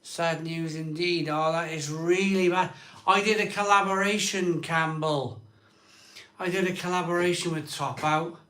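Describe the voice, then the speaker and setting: A man's voice: on the high side, steady tone, unhurried, bright, forceful tone, reverberant. A man hosting a casual live stream, chatting in a rambling way. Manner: chatty, rambling, frustrated sighs. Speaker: live show host.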